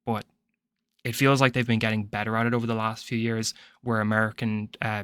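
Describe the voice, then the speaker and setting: A man's voice: medium pitch, fairly bright tone, clear, resonant tone, dry recording, studio quality. An Irish man giving a casual spoken film review, rambling and opinionated, with frequent restarts.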